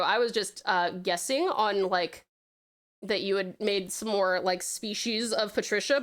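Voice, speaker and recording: A woman's voice: mid-range voice, fairly bright tone. An Australian woman from Tasmania streaming and chatting casually while gaming, playful and self-mocking, with the odd swear. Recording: music playing behind. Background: game music.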